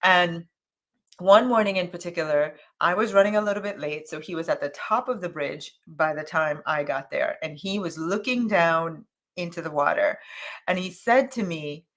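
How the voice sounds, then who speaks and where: At a moderate pace, a woman coach on a live morning show gives a motivational talk, telling a story casually as if thinking aloud. She uses fillers and restarts, and switches to a high, animated voice whenever she quotes other people.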